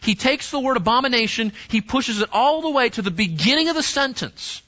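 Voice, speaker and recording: Preacher guy talking to teens, high-ish voice, repeats himself a lot, kinda muffled lo-fi recording. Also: animated, fairly quick, pushed and bright. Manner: emphatic, repeats words, restarts. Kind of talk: sermon to teenagers. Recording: dull lo-fi sound.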